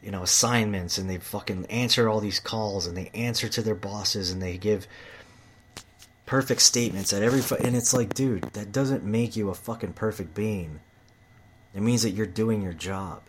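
A man with a fairly low voice rants about work. He swears constantly and circles back over the same words. He sounds heated and worked up. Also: normal speed. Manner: profane, heated, repetitive. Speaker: manual tradesman. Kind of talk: ranting monologue.

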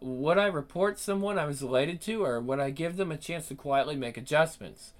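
A man plays a soft-spoken, manipulative schemer with a somewhat high voice. He talks calmly and insinuatingly, with a quiet menace under every reasonable-sounding word. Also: a little fast, lightly acted. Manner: calm, insinuating, quietly threatening. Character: creepy manipulative middle-aged male business contact. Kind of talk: dramatic acting.

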